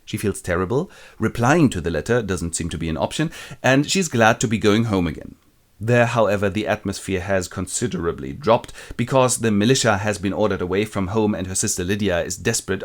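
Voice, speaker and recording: A man retelling a classic novel as a quick comic summary, casual and irreverent. His pitch swings widely, animated from phrase to phrase. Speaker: narrator.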